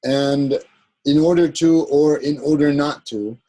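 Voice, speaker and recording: A man teaching an Arabic grammar lesson in a recorded class, explaining patiently with many pauses, ums and restarts. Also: fairly high pitch, steady tone, mellow, poor audio. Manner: halting, searching for words, many ums and restarts; explains a grammar point patiently, checking with "right?".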